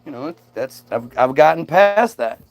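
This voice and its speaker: A man's voice: fairly high pitch, animated, moderate pace, creaky. A man ranting sarcastically on a livestream, answering viewer comments in a combative, mocking way. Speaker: streamer reacting to viewer comments.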